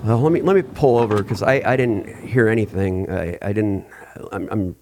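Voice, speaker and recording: A man's voice: fairly low pitch, normal speed, music in the background. A man playing a nervous father driving his family, stammering and hesitant, in an improvised audio drama.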